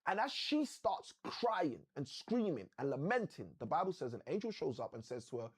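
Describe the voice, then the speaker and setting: A man hosting a live motivational session, telling a story like a preacher with slow, dramatic emphasis. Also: on the high side, sing-song, breathy edge.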